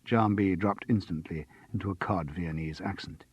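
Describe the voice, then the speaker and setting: A man narrating an audiobook in a measured, wry manner. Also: deep voice, breathy edge, no room sound. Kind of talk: scripted narration.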